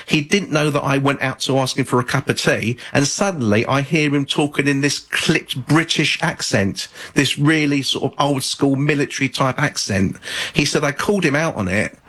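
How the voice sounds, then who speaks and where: A man, a guest author on a radio talk show, telling a story in a measured, thoughtful way with some fillers. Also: mid-range voice, a bit bright, poor audio.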